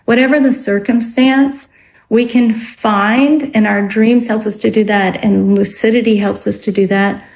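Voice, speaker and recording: A woman guest on a radio talk show, explaining ideas in a reflective, measured way and stretching out some words. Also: mid-range voice, a little mellow, rough recording. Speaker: guest author on dreams. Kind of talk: radio interview.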